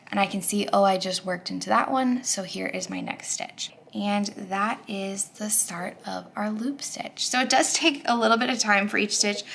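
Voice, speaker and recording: A woman's voice: medium pitch, vocal fry, a bit bright. A woman hosting a crochet tutorial, talking through each step in a chatty, upbeat way with frequent fillers.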